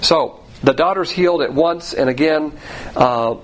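A man's voice: on the high side, measured pace, low-quality recording. A man teaching the Bible verse by verse in a conversational way, repeating phrases and restarting sentences.

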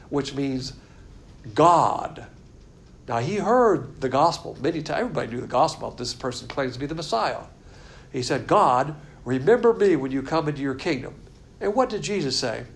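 A man teaching a Bible study in a casual sermon style, folksy and blunt, with a gravelly voice. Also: on the high side, big pitch swings, moderate pace.

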